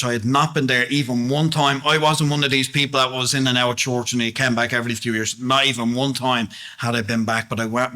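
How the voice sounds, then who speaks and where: A man's voice: mid-range voice, pushed and bright. A man giving a plain-spoken, earnest testimony sermon, often asking the congregation questions.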